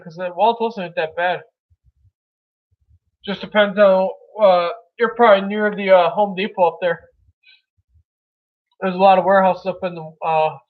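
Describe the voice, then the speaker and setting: A man from Milwaukee, Wisconsin, hosting a casual livestream chat, rambling loosely and calling viewers brother. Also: high voice. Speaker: livestream host chatting with viewers. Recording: tinny phone-like audio.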